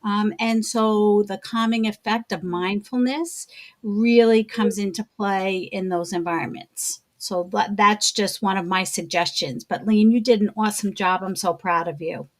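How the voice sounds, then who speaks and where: A woman's voice: medium pitch, fairly even intonation, a little slow. New york woman on a video call, medium voice, thoughtful and encouraging, some ums. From New York City. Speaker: summit panelist. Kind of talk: casual discussion.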